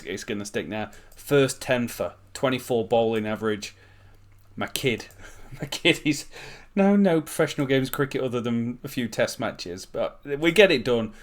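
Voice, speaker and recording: A man hosting a let's-play, giving chatty, excitable and jokey commentary on his game. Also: medium pitch. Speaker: gaming channel host.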